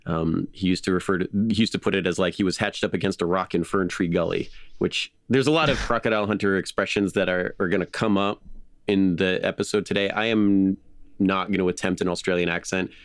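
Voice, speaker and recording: A man hosting a podcast, telling a story in casual chat, animated with frequent laughs and fillers. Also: low voice, fairly quick, no room sound, studio quality. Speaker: podcast host.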